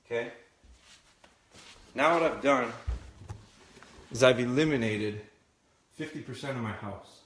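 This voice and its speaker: A man's voice: medium pitch, measured pace, pauses often, a bit bright. A man working as a dog trainer, talking candidly to viewers during a live training demonstration in his home kitchen. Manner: candid, coaching viewers directly. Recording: echoey kitchen, faint noise.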